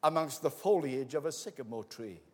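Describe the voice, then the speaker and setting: A man preaching a sermon in an auditorium, telling a story dramatically, acting out the voices and building to shouts. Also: mid-range voice, expressive, moderate pace. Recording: long hall reverb.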